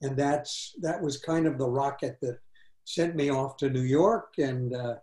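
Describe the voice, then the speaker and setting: A man, a former TV executive and author, answering interview questions in a relaxed, anecdotal way. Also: medium pitch, a little slow, reverberant.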